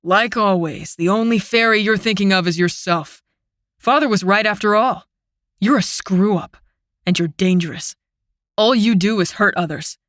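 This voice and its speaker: A woman's voice: medium pitch, moderate pace, fairly bright tone, no echo, clean studio sound, close to an everyday voice. A woman voicing a scornful young male fairy who sneers and accuses in an audiobook. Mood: bitter scorn.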